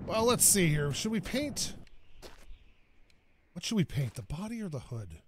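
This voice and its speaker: A man's voice: high voice, very animated, measured pace, slight background noise. A man from Canada rambling through casual let's-play commentary, a bit stuffed-up from dust and laughing often. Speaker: gaming YouTuber.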